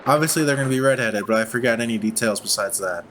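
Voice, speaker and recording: A man's voice: medium pitch, fast talker, fairly bright tone, slight background noise. A man casually commenting as he plays a story game, self-deprecating and chuckling. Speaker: let's play host. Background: game music.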